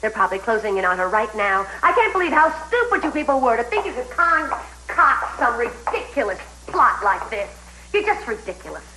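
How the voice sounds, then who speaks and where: A sneering, spiteful schemer. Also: female voice, on the high side, sing-song, brisk, sharp tone, soft background music, low-quality recording. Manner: sneering, contemptuous. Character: scheming, spiteful woman taunting a rival. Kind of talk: soap opera acting.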